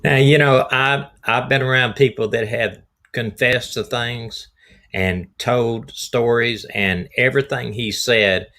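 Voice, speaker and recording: A middle-aged man, slightly hoarse, hosting a rambling, folksy live stream as a retired detective. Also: medium pitch, fairly even intonation, takes it slowly, bright, forceful tone. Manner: folksy, rambling, repeats himself. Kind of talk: casual live-stream talk.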